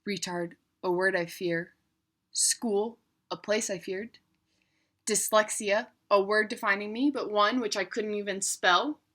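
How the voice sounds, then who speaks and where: A young adult woman narrating her own digital story in a reflective, measured way. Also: medium pitch, steady tone, fairly bright tone.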